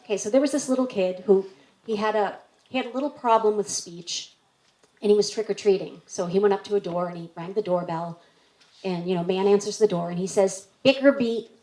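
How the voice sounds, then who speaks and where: A woman's voice: mid-range voice, steady tone, a little fast, dark tone. A woman hosting a community storytelling event, playful, telling children's jokes between stories. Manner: playful, tells kids' jokes with acted voices. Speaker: event emcee. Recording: echoey hall.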